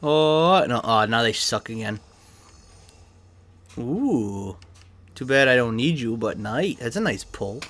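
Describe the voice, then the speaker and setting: Young man, excitable pack-opening chatter, swears freely, coughing, dry close mic in a bedroom. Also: medium pitch, no room sound. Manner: excitable, swears freely, talks to himself while opening packs. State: coughing, throat irritated. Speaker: gaming YouTuber opening card packs. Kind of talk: casual pack-opening commentary. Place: his bedroom.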